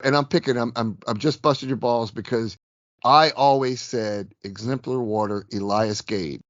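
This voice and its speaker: A man co-hosting a casual podcast about a tabletop game, chatty and self-deprecating, rambling a bit, slightly hoarse. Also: medium pitch, moderate pace, no echo, muffled recording. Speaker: podcast co-host.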